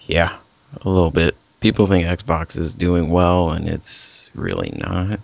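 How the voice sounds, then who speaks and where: Guy with a deep gravelly voice rambling on a gaming podcast, dry dull lo-fi sound. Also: measured pace, no room sound. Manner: rambling, self-correcting, animated. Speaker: podcast host. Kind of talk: casual gaming podcast chat.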